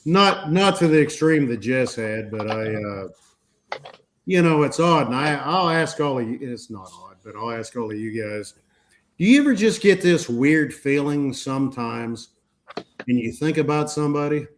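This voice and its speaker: Man, 50s, podcast host, casual group chat, rambling, swears, medium pitch, faint background noise. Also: expressive, moderate pace. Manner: rambling storyteller, frequent restarts and swearing.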